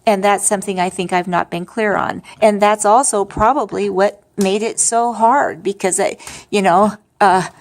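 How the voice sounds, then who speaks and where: Gravelly, tired-sounding woman rambling candidly. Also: mid-range voice, fairly even intonation. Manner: rambling, halting with many restarts and fillers; candid and upfront, with wry humor. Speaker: vlogger sharing her grief story. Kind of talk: casual personal monologue.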